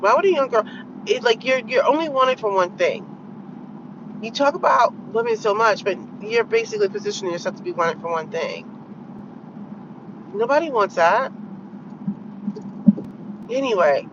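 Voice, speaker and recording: A woman shares her opinions in a vlog, speaking at normal speed but with long pauses. Blunt and exasperated, she tells her story animatedly, quoting her own comebacks with sharp pitch leaps. The recording is muffled and the background is noisy.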